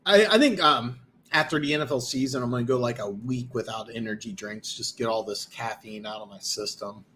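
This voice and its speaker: A man's voice: mid-range voice, fairly quick, fairly bright tone, slight background noise. Tired, rambling male live-stream host. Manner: rambling, boastful, many restarts. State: tired, losing his voice. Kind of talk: live-stream football talk, reading comments.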